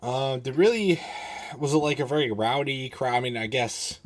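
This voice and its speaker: A man's voice: mid-range voice, normal speed. A man hosting a casual podcast, asking questions and teasing his guest with easy laughter. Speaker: podcast host.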